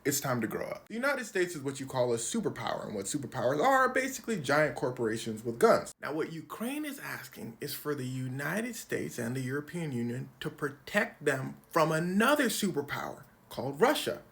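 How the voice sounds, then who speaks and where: Animated, slangy man giving a comedy recap. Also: mid-range voice, brisk, creaky, few pauses. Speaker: comedy commentary creator.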